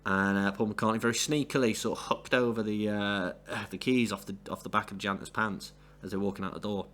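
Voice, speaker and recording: Guy rambling through an album review, lowish voice, lots of uhs and restarts. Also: fairly even intonation, brisk, a bit bright. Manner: rambling, full of fillers and restarts. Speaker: music reviewer. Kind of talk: casual solo album review.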